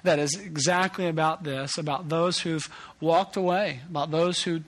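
A man's voice: on the high side, steady tone, normal speed, fairly bright tone. A man, a pastor telling a self-deprecating family story in a sermon.

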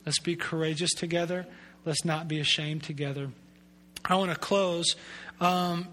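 A man's voice: sits high, sharp tone. A man preaching a sermon as a pastor, earnest and conversational, repeating words as he builds emphasis and tossing in self-deprecating asides. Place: church sanctuary.

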